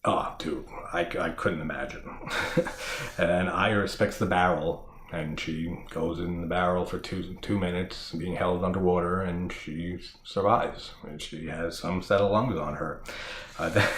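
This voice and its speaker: A man's voice: sits low, fairly even intonation, unhurried, a bit bright. A man hosting a horror review channel, recapping a film in a rambling, laughing way with lots of swearing and filler words. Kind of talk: casual spoken film recap. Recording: echoey room with faint background noise.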